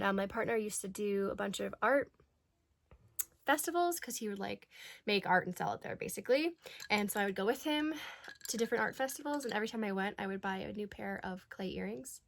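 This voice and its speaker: A woman's voice: medium pitch, gravelly. Bubbly woman chatting while getting ready. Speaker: vlogger. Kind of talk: casual get-ready-with-me chat.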